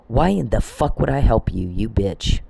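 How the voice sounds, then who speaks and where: Very animated, this vlogger rants angrily at a moderate pace, his mid-range voice warm with vocal fry and a breathy edge. Swearing as he goes, he confronts the people he blames head-on, repeating and restarting phrases again and again.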